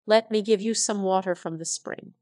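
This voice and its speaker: A woman's voice: mid-range voice, normal speed, darkish tone, no echo, lightly acted. A synthetic-voiced woman reading the part of an awkward young man who stammers and turns teasing. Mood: hesitant. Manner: stammering, then carelessly teasing.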